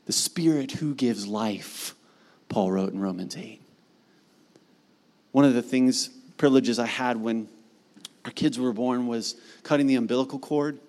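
A pastor in his thirties preaching a sermon in a casual, animated way, full of slang and acted-out asides. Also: mid-range voice, unhurried, long pauses.

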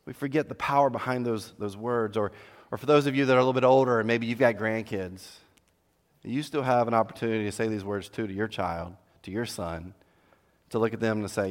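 A middle-aged man preaching an earnest sermon to fathers, swinging between loud emphasis and hushed, tender lines. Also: lowish voice, fairly even intonation, fairly quick. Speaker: pastor. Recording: long hall reverb.

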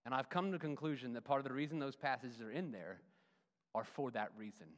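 A male pastor preaching a sermon, swinging from loud emphatic runs to hushed, soft endings. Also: mid-range voice, fast talker. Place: church sanctuary. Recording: long reverb of a church hall.

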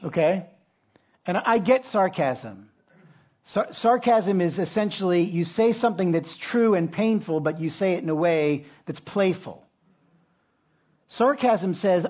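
Middle-aged pastor guy, husky voice a bit high, chatty sermon, kinda dull lo-fi recording. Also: animated, unhurried. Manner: conversational, frequent restarts and asides. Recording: dull lo-fi sound.

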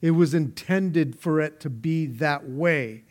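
A male pastor with a slightly higher-than-usual voice delivers a conversational sermon. He talks earnestly and directly to his listeners. He often doubles back on words as he builds toward his point. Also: slow, darkish tone.

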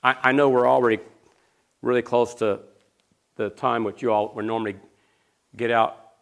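A man preaching a sermon, swinging between loud, rising questions to the crowd and low, hushed storytelling. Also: steady tone, normal speed, gravelly, clear, resonant tone.

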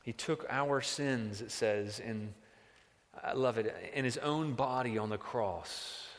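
A man preaching a sermon as pastor, moving between hushed reflection and loud, impassioned exclamation. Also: medium pitch, slow. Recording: reverberant hall.

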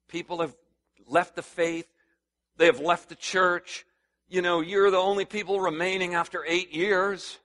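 This pastor's sermon moves a little slowly, with fairly even intonation at first; he talks to his congregation conversationally, gets louder and higher as his excitement builds, and invites them to respond.

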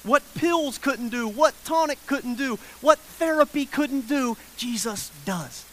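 A man's voice: very high voice, animated, slow pace, fairly bright tone. A man preaching a sermon in a conversational way. He repeats his phrases, checks in with his listeners, and acts out the people in the story. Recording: faint hiss.

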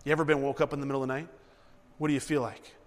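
A man preaching and reading Bible verses aloud, animated and repeating himself as he acts out the story. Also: mid-range voice, rapid-fire, big-room sound. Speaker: preacher teaching a Bible passage.

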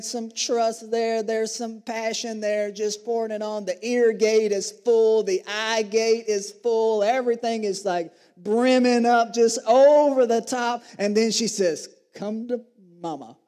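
A man's voice: high voice, fairly even intonation, unhurried, hardly any pauses, darkish tone, clean tone, long reverb tail. A man preaching a sermon, reading scripture aloud and joking with the congregation. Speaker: pastor.

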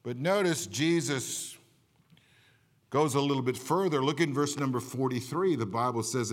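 A man's voice: mid-range voice, measured pace, big-room sound. A man preaching a sermon as a Baptist pastor, impassioned, asking the congregation rhetorical questions and building to emphatic peaks.

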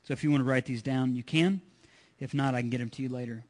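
A man's voice: medium pitch, fairly even intonation, quick pace, a little mellow. A man preaching a sermon as pastor, earnest and repetitive, asking his listeners rhetorical questions.

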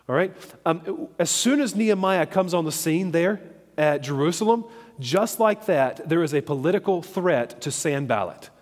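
Male preacher, a bit high-pitched, conversational Bible teaching, long hall reverb. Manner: conversational, checks in with "okay?" and "all right?".

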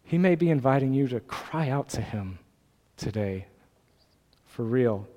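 Male pastor, mid-pitched, earnest and gently pleading sermon delivery, long hall reverb. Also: animated, measured pace.

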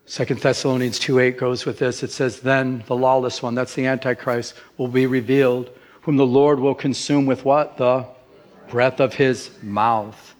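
A middle-aged man, a pastor, preaching a sermon with lively emphasis that rises in pitch. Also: moderate pace.

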